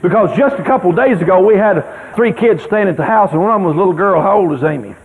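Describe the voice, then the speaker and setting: Older man, folksy emphatic storyteller, high and lively delivery, thin radio sound. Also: fast. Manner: folksy, anecdotal, emphatic with sudden loud exclamations. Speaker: speaker on child rearing. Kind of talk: storytelling talk. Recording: tinny lo-fi radio broadcast with long reverb.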